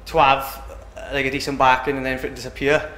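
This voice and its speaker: After a win, a young British MMA fighter talks casually in a post-fight interview, rambling and often asking "do you know what I mean". His voice is medium-pitched and flat, he talks fast with a slightly bright tone, and the sound is roomy.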